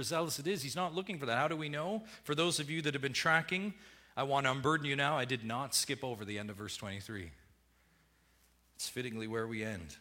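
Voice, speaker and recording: A man preaching a sermon as pastor, emphatic, swinging between hushed lines and loud ones. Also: mid-range voice.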